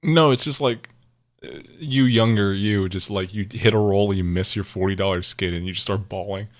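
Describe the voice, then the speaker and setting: Rambling low-voiced man on a podcast. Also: normal speed. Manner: rambling, laughs often, swears casually. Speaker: podcast co-host. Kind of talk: casual chat.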